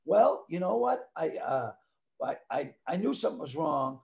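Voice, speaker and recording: A man in his sixties telling a story loudly and crudely, with lots of animated outbursts. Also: fairly high pitch, normal speed, vocal fry. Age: 60s. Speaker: guest comedian. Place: home.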